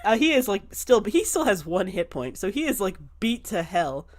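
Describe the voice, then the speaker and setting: A woman's voice: medium pitch, very animated, moderate pace, a crowd in the background. A woman narrating a tabletop game as game master in a casual, rambling way. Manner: casual with many fillers.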